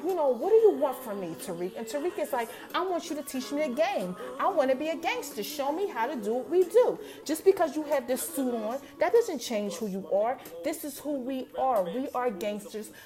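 A woman with a high, bright voice recaps a TV episode for her podcast listeners in loose, chatty storytelling. She jumps into the characters' lines as she goes and keeps calling out to her audience, with faint music sitting low underneath. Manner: animated storytelling, quoting characters, addresses listeners as y'all. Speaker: podcast host.

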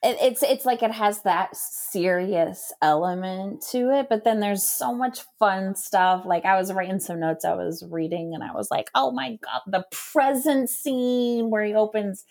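A woman's voice: medium pitch, unhurried, gravelly, hardly any pauses, darkish tone. A woman co-hosting a casual podcast chat, enthusiastic and gushing. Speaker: podcast co-host.

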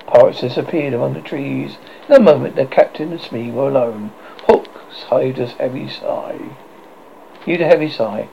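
A man reading a children's classic aloud, halting now and then and restarting lines, on a dull lo-fi recording. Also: medium pitch, gravelly, warm tone, slight background noise. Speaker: audiobook narrator. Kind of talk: storybook reading.

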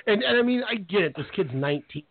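A man hosting a sports radio show, telling stories with animated energy and acting out the players in quoted voices. His voice sits a bit high for a man. The sound is tinny and narrow, like a phone line. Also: fast talker. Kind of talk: casual sports radio chat.

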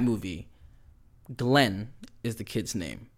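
Retelling a horror series, this man drops plenty of swearing and fillers like "like" and "you know," performing the characters' lines as he goes. He's a pop culture commentator with an animated, medium-pitched voice and a moderate pace.

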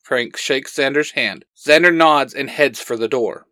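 A man's voice: medium pitch, a little slow, bright, forceful tone, no room sound. A man reading his own fan story aloud, acting out the dialogue earnestly as storyteller.

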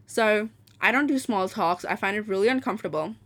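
A woman talking into her podcast mic in a loose, chatty rant. She is blunt and swears freely, and she slips into quick impressions of the people in her story. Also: medium pitch, fairly bright tone. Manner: blunt and profane, acting out quoted people. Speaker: podcast host.

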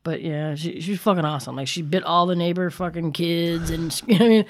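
A middle-aged woman in casual chat, telling a story in a lively, swearing way and acting out what people said. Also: fairly low pitch, brisk. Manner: profane, animated storytelling with acted-out quotes.

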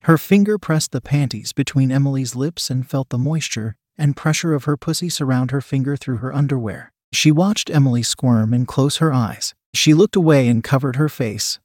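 A man narrating a scripted story in a steady, unhurried reading. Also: medium pitch, no room sound, studio quality.

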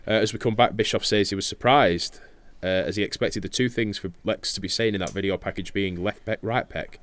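A man's voice: fairly low pitch, brisk, fairly bright tone. A young man, recapping wrestling matches in casual podcast chat, swearing freely, laughing often and trailing off with filler words. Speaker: podcast co-host reviewing wrestling.

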